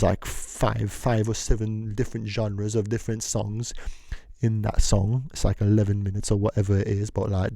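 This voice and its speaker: A man's voice: on the low side, warm tone, no room sound, studio quality. A young man telling a rambling, slang-heavy story in a casual vlog, often repeating and circling back. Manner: slangy, meandering, repeats himself.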